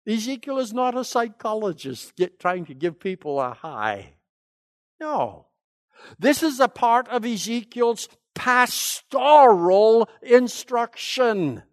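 High-voiced man giving an emphatic lecture. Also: dry recording, clean studio sound. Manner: emphatic, asks rhetorical questions. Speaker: Bible lecturer. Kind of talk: teaching lecture.

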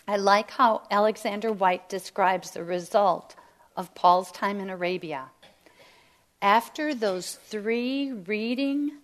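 A woman teaching a Bible study to women, emphatic and sometimes dropping to a near whisper. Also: a little high. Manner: slow, emphatic, drops to near whisper at key lines.

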